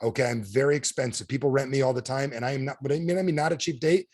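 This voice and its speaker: A man's voice: mid-range voice, steady tone, very fast, darkish tone, no room sound, studio quality. A man giving a motivational talk on a video call, telling stories and firing frequent questions at his audience. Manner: storytelling, peppered with audience questions. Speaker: sales trainer.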